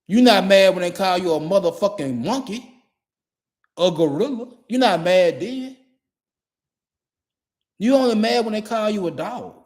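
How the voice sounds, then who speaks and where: A man's voice: high voice, animated, measured pace, long pauses, darkish tone. A man in his forties delivering a blunt, profane monologue in a repetitive, emphatic way.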